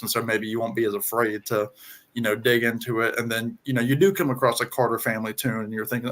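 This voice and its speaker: A man with a Southern US twang, talking casually on a video call and pausing often with ums and restarts. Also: medium pitch, steady tone, fairly bright tone. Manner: halting, many ums and restarts. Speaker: guest on music chat. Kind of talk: casual conversation.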